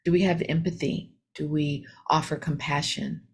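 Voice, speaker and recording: A woman's voice: sits low, fairly even intonation, normal speed, vocal fry, slightly rough. A woman meditation teacher giving a reflective dharma talk, retelling a story with many fillers, self-corrections and rhetorical questions.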